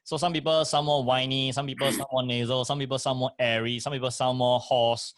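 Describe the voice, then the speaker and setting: Male co-host, mid pitch, dry close sound, instructive. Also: flat delivery, a little fast, no echo. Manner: emphatic, instructive, repeats key points. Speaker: co-host and motivational speaker. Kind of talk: casual chat, giving advice.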